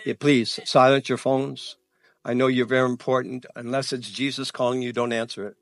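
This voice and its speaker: A male pastor running through church announcements in an animated, excitable way, stumbling over words and laughing at his own slips. His voice sits at an ordinary middle pitch for a man. The sound is dry and close, with little room echo. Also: normal speed. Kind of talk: church announcements before a sermon. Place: church sanctuary.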